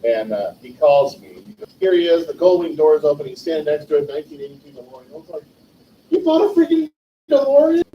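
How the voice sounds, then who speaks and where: A man's voice: fairly high pitch, fast talker, hardly any pauses, muffled recording. A man in his forties telling rambling personal anecdotes at a livestreamed memorial, often correcting himself. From California. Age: 40s. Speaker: eulogy speaker. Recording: distant mic, roomy echo, faint noise.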